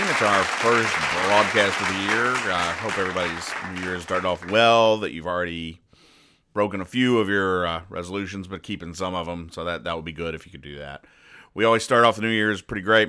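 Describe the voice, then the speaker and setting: Deep, bright-toned man rambling deadpan. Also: moderate pace, a faint crowd. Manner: rambling, deadpan explanations with frequent filler "uh". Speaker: podcast host. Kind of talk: comedic reading and explaining of newspaper comics.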